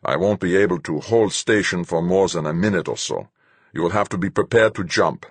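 A man voicing a bleak, somber male commander speaking slowly and ominously. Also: deep voice, husky, dry recording.

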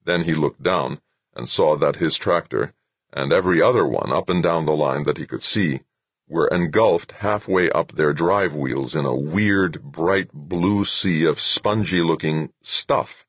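A man narrating an audiobook in a steady, measured reading style. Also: rumbling low, husky, no echo. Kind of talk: scripted narration.

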